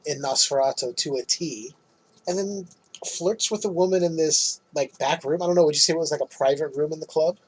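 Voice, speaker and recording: A man hosting a podcast, casually recapping a film's plot in an animated way and laughing often. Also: on the high side, husky, low-quality recording. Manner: animated retelling, quick laughs. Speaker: podcast host.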